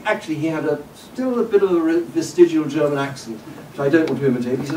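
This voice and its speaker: A man giving a public lecture in a hall, measured and discursive, with frequent "uh" and "um" and occasional wry asides. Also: fairly high pitch, darkish tone. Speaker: guest lecturer. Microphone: distant room mic. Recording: roomy hall audio from a distance with faint background noise.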